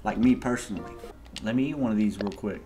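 Excitable man, casual let's-play commentary, slangy, game music in the background. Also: on the low side, fast talker. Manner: excitable, talks to viewers as "y'all", slangy. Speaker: gaming video host.

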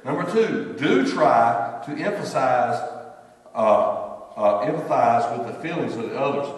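A man's voice: medium pitch, animated, unhurried. A man preaching a sermon as pastor, telling folksy stories and acting out what people say. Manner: folksy storytelling, acts out quoted voices. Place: church sanctuary. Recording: distant echoey church hall recording.

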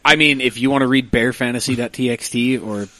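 A man co-hosting a podcast in loose, joking chat who sometimes reads aloud in a mock deep voice. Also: fairly even intonation, quick pace, pushed and bright, poor audio. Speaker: podcast co-host. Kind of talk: casual chat.

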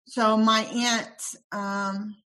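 A young woman guest on a podcast interview, telling a personal story with quoted dialogue, soft and halting, with many pauses and ums. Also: on the high side, level tone.

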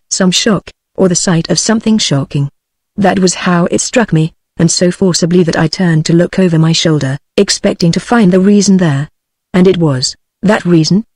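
A text-to-speech woman's voice with a British English accent, reading a novel aloud and giving every character the same even delivery. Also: on the low side, breathy edge, no echo. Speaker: audiobook narrator.

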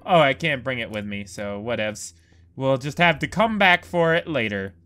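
Excitable, swearing man playing a game. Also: medium pitch, moderate pace, faint music behind. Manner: excitable, profane outbursts. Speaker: gameplay commentator. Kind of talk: let's play commentary.

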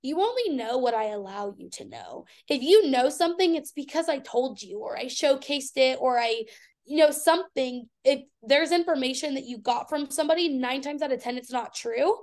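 A woman's voice: high voice, expressive, moderate pace, a little mellow. A woman in her twenties, a guest in an interview, telling her story candidly and bluntly, swearing freely. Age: 20s. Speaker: guest, fitness athlete.

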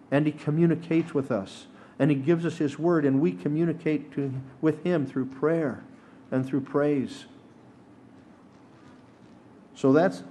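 Man, sermon teacher, earnest and emphatic, slightly high voice, faint room hiss. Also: a little mellow. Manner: earnest and emphatic, rising to exhortation. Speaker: teacher at a synagogue service. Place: synagogue sanctuary.

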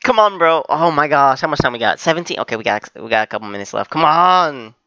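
Excitable man reacting to anime. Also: on the high side, quick pace, no echo, dull audio. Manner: excitable, talks back to the screen. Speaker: anime reaction channel host. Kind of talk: live reaction commentary.

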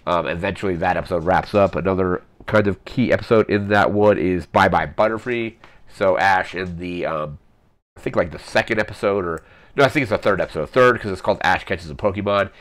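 This podcast host hosts a retro show, recapping episodes in a casual, rambling way full of ums and self-corrections. His voice sits low and is a bit bright, and he talks a little fast.

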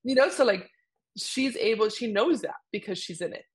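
A woman's voice: on the high side, normal speed, slightly rough. A young woman co-hosting a podcast, talking casually and animatedly with lots of fillers. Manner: animated, chatty, many fillers. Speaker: podcast co-host. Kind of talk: casual conversation.

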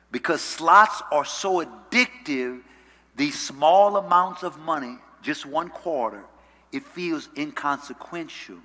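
A man preaching a sermon as pastor. He uses call-and-response and swings from loud, rising calls to soft, low passages. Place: church sanctuary. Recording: church hall reverb.

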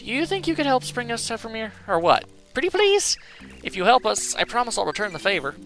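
A man voicing a perky, strong-willed young female Bob-omb in a video game, raised in pitch and chirpy. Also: sing-song, brisk, a bit bright, soft background music, heavily acted. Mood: eager, chirpy.

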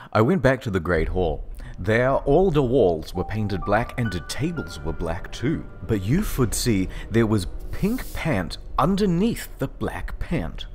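A man hosting and narrating a comedic dramatic reading, deadpan with sarcastic swoops. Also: lowish voice. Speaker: narrator and host. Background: music.

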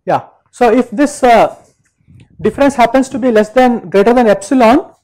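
A male university lecturer explaining step by step, checking in with listeners and pausing on fillers. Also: extremely high pitch, darkish tone, low-quality recording. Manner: explains step by step, frequent "right?" and "uh".

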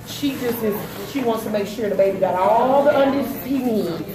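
A woman in her thirties opening gifts at a party, gushing and laughing often in casual chat. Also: on the high side. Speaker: guest of honor opening gifts. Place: indoor party gathering. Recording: echoey room with loud background noise.

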